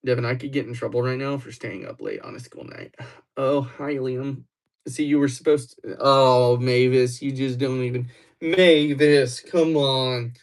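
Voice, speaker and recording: Playful man chatting on a livestream. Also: medium pitch. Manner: playful, teasing, quick to get excited. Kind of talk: casual livestream chat with viewers.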